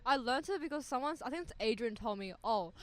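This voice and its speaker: Rapid-fire young woman. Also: high voice, lively intonation. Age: young adult. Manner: rambling, filler-heavy storytelling. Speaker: podcast co-host. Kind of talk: casual chat.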